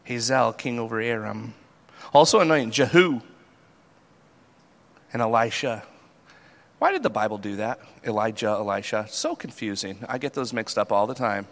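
A man preaching a sermon in a conversational, animated way, acting out the people he talks about. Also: mid-range voice, moderate pace, long pauses. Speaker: pastor.

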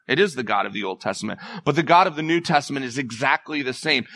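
A man's voice: medium pitch, lively intonation, fairly quick, hardly any pauses, pushed and bright, no room sound. A man preaching a sermon as pastor, earnest and emphatic, pressing his point with rising intensity.

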